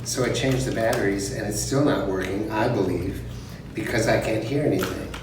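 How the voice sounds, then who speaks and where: A man's voice: lowish voice, moderate pace. An older man and former Broadway performer chatting casually and self-deprecatingly for a documentary. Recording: roomy, distant, noisy room sound.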